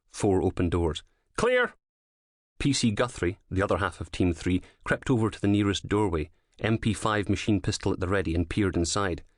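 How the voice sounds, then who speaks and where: A man reads a crime thriller in a measured, dramatic storytelling voice. His voice sits low and the close studio recording is completely dry. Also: dry recording. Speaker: audiobook narrator. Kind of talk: scripted narration of a crime thriller.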